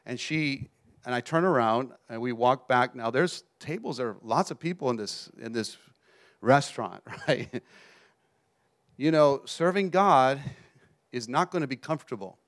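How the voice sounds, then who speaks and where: A man preaching a sermon as an animated storyteller who keeps checking in with his listeners. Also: medium pitch, a little slow. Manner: animated storyteller, often asks the audience "you understand?".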